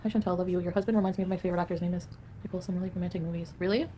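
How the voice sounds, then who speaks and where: A woman's voice: lowish voice, steady tone, very fast, dark tone. Chatty woman livestreaming with faint background hum. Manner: chatty and rambling, answers the chat aloud. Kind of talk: casual livestream chat, reading viewer comments.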